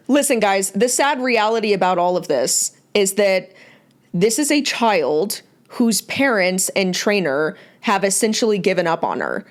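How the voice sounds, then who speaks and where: A young woman vlogging, shifting between indignant commentary and gushing excitement. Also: medium pitch. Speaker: commentary YouTuber. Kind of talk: commentary vlog.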